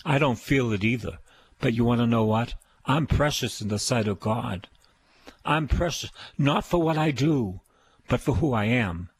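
An older man with a Boston accent preaches slowly and deliberately, his voice husky. He repeats his phrases for emphasis, building lines of praise the listener can echo back. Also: medium pitch, animated. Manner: repetitive, emphatic preaching with call-and-response praise. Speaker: priest and radio preacher. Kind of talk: sermon.

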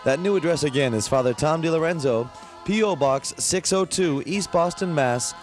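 A man reading a scripted radio announcement, measured and clear, repeating an address. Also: on the high side, soft background music. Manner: clear, measured read of contact details.

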